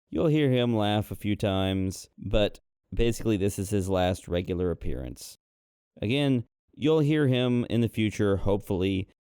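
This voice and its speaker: Low-voiced male game master. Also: smooth, no echo, studio quality. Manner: relaxed, conversational narration with fillers. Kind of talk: tabletop game narration.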